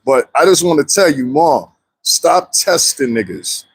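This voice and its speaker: Animated husky man live-streaming. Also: fairly high pitch, measured pace, no echo. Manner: animated, talks straight to viewers, frequent laughs. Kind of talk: casual live-stream commentary.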